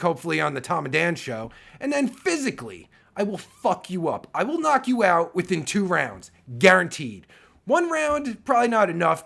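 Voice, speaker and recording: A man's voice: sits high, vocal fry, a bit bright. A man in his forties ranting loosely to his audience with heavy swearing, often breaking off mid-sentence, his voice getting worn. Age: 40s. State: losing his voice. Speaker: online video creator. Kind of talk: profane rant to camera.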